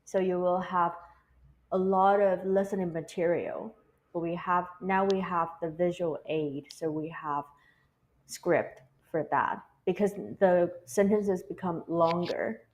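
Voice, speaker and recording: A woman with a somewhat low voice explaining her language courses on a live online show. She speaks very slowly, with pauses between phrases as she picks her words. Her manner is patient and careful. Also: fairly even intonation, a little mellow, dull audio. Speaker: course creator. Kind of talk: explaining on a livestream.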